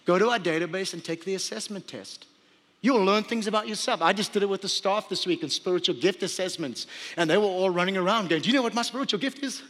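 A man's voice: high-pitched, brisk, a bit bright. Man preaching in a reverberant hall. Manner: exhorting, repetitive emphasis. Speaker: pastor. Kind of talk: sermon.

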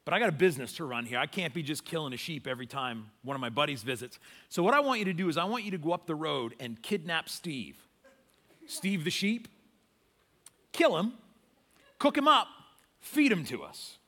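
A man playing a rich sheep farmer who briskly orders his servant around. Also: fairly high pitch, sing-song, a bit bright. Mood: bossy.

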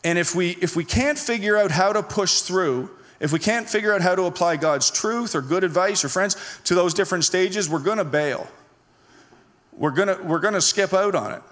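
A man preaching a sermon, telling a personal story in an animated way and acting out his own lines with a raised voice. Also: high-pitched, moderate pace. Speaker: pastor. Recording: long hall reverb.

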